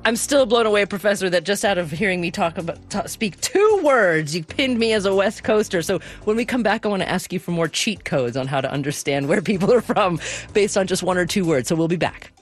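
A woman's voice: lowish voice, fairly quick, soft background music. A woman radio host leading an interview and asking questions. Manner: lively, animated questioning.

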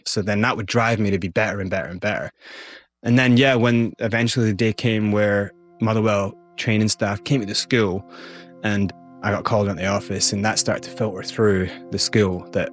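A man with a Scottish accent, an interview guest candidly recounting his life in animated storytelling. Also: on the low side, moderate pace, faint music behind. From Scotland. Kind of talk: personal storytelling.

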